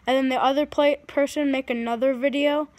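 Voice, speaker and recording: A woman chatting casually and boastfully while filming friends playing a video game, with loud bursts. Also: sits high, fairly even intonation, fairly quick, no room sound.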